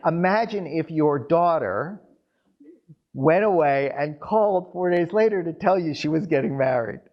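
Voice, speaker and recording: A man telling a family story to a live audience in an animated storytelling style with wry asides. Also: fairly high pitch, a little slow, muffled recording.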